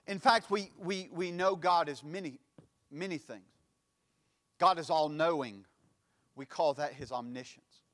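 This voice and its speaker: A male pastor preaching a sermon, with a preaching cadence that swells into sudden loud emphatic lines. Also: fairly high pitch, a little slow, long pauses, big-room sound.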